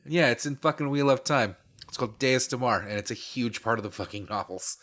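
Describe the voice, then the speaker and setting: A man's voice: medium pitch, brisk, a bit bright. A man co-hosting a podcast, talking casually in a wry, opinionated way and swearing now and then. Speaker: podcast co-host.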